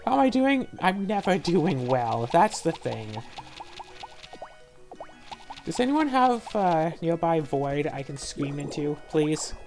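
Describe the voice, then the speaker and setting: A young woman with a fairly low voice rambles through a frustrated, sarcastic rant while she plays a game. Soft game music sits faintly behind her casual talk. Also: big pitch swings, slow. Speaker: let's play host. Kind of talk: casual commentary while gaming.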